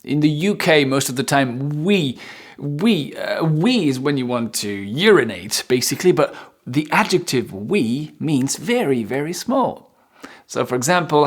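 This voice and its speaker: A man's voice: on the high side, sing-song, measured pace. A man teaching English vocabulary, repeating each new word for learners. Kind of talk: vocabulary lesson.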